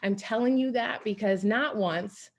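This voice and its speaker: Young woman, animated motivational storyteller on a team call, middle pitch. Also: measured pace, a little hiss or hum. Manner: energetic, animated storytelling with acted-out quotes. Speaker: guest speaker on a team coaching call.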